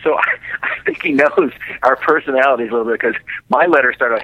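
A man's voice: medium pitch, fast, dry recording, lo-fi sound. A man calling in to a radio chat as a film director, joking and self-mocking.

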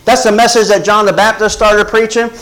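A man's voice: high-pitched, little pitch movement, fairly quick, a bit bright, low-quality recording. Man preaching a sermon. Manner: preaching with call-and-response asides to the congregation. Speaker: pastor.

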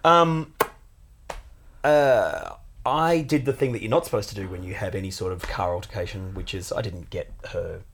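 A man who co-hosts a podcast, telling a story in casual chat and swearing now and then. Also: moderate pace. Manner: animated, jumps into high put-on voices for quotes, swears casually. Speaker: podcast co-host.

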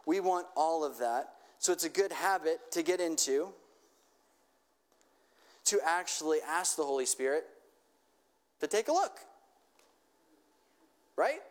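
Pastor, male, slightly high voice, conversational sermon delivery. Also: lively intonation, slow, pauses often. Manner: conversational preaching with frequent check-ins.

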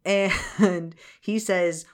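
A woman's voice: lowish voice, fairly even intonation, drawn-out words. A woman co-hosting a podcast, recapping a cartoon film in casual chat, laughing, swearing and acting out scenes in silly voices. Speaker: podcast co-host.

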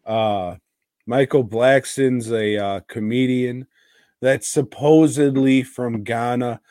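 A man's voice: medium pitch, steady tone, slow pace, a little mellow, clean tone, dry recording, clean studio sound. A man co-hosting a podcast in casual chat, rambling and teasing with crude language. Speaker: podcast co-host.

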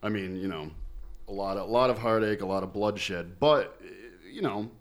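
A man's voice: lowish voice, normal speed, crowd noise. A man co-hosting a podcast, talking in a loose, rambling way and swearing now and then. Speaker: podcast co-host. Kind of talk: casual podcast chat.

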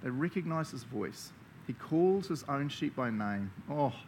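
A man's voice: mid-range voice, lively intonation, unhurried, a little mellow, a little hiss or hum. A man with a New Zealand accent preaching a conversational sermon, enthusiastic and chatty, laughing often as he talks. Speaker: pastor.

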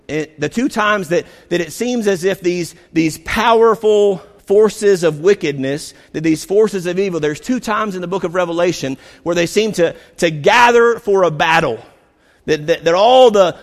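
A man preaching with a fairly high voice, leaning hard on key words and stretching them out slowly. His voice rings with a long reverb, like a large sanctuary. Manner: emphatic preaching with repetitions and dramatic slowdowns. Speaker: pastor. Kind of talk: sermon.

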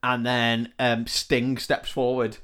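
A man's voice: mid-range voice, monotone, slow pace, a bit bright, clear, resonant tone. A man co-hosting a comedy podcast, casually retelling a film plot with swearing and short acted-out quotes. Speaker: podcast co-host.

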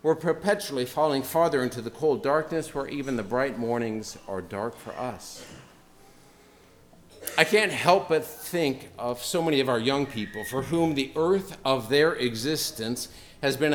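A man preaching a sermon in an earnest, reflective, measured way. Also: medium pitch, a bit bright.

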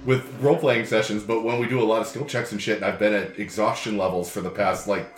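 A man's voice: on the low side, steady tone, quick pace. A man playing a tabletop game, joking, laughing often and restarting his sentences. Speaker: player. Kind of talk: casual tabletop chat. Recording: echoey room, faint noise.

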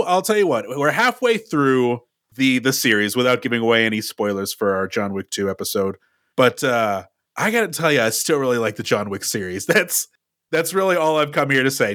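A man's voice: medium pitch, fairly bright tone, no echo, clean studio sound. A man co-hosting a movie podcast, musing thoughtfully in casual chat. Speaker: podcast co-host.

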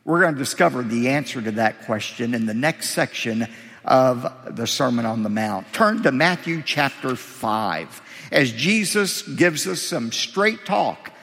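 A man's voice: medium pitch, creaky, a bit bright. A man preaching a sermon as pastor from a podium in a church sanctuary, driving points home with emphatic rhetorical questions. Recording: long hall reverb.

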